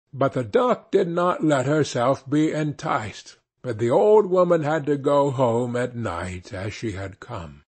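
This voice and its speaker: A man narrating a fairy tale audiobook with slow, expressive storytelling. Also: mid-range voice, husky.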